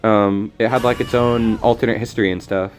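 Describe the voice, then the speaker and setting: A man's voice: lowish voice, steady tone, a little fast. A man streaming a card game, talking through his plays in a rambling, jokey, self-deprecating way. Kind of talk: casual gameplay commentary.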